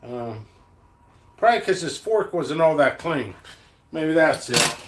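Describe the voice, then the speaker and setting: A man's voice: fairly high pitch, expressive, a little slow, a little hiss or hum. A middle-aged man who sells seeds, ranting angrily in a vlog with a lot of profanity, blunt and rambling. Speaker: seed vendor. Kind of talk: vlog rant to camera.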